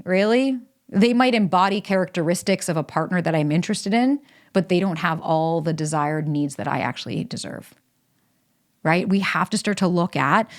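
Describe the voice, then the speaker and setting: A woman's voice: fairly low pitch, expressive, normal speed. A woman hosting a solo podcast, talking casually and emphatically, with frequent swearing. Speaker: podcast host. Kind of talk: solo podcast monologue with ad read.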